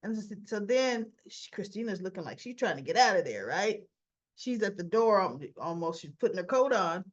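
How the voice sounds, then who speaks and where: A woman's voice: mid-range voice, lively intonation, normal speed, lo-fi sound. A woman casually recapping a soap opera episode, acting out the characters' lines with chatty asides to her viewers. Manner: chatty, retells scenes by voicing the characters' lines.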